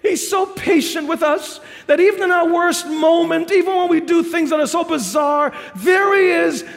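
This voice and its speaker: A man with a New York accent preaches to a large auditorium, his voice pitched unusually high with a gravelly edge. He tells stories animatedly, laughing and shouting the punchlines, and his words ring out with a long reverb. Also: moderate pace, soft background music. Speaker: pastor. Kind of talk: sermon.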